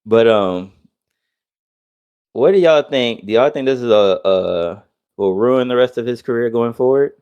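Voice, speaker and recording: A man's voice: medium pitch, unhurried, pauses often, clear, resonant tone, muffled recording. Heated, profane man ranting on a podcast. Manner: heated, profane, swings between loud outbursts and mock quotes. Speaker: podcast co-host. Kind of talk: casual podcast rant.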